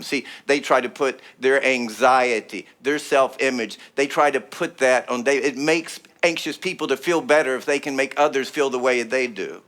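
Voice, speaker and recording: A man's voice: medium pitch, normal speed, hardly any pauses, a bit bright. A middle-aged man preaching a sermon in an emphatic, rhythmic style built on repeated phrases. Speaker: pastor.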